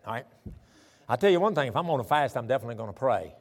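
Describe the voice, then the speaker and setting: A man with a Southern accent from Tennessee and Alabama, preaching a folksy, animated sermon with chatty asides. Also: medium pitch, very fast. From southern Tennessee and northern Alabama. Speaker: pastor. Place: large church sanctuary. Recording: church hall reverb.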